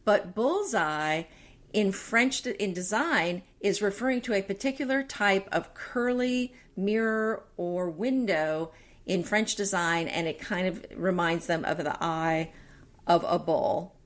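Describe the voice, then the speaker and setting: A bubbly woman co-hosts a decorating podcast in easy, casual chat. Her pitch sits in a comfortable middle range, and she sounds warm and upbeat. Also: a little slow. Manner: bubbly, reads listener reviews aloud. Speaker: podcast co-host.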